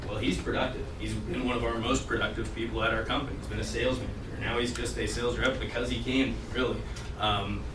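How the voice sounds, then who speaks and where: A man giving a casual sales training presentation in a conversational way, with many fillers. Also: mid-range voice. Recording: distant mic in echoey room with noise.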